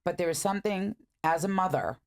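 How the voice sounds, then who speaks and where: A middle-aged woman hosts a candid podcast conversation with a lower-pitched voice. She speaks bluntly and with emphasis, and does not soften her words. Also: lively intonation, a little fast. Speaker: podcast host.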